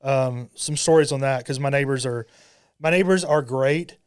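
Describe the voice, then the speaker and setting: A man's voice: medium pitch, moderate pace, smooth. A man chatting on a podcast, telling a long anecdote and acting out what people said to him in different voices. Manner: storyteller acting out quoted dialogue. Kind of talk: casual podcast chat. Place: podcast studio.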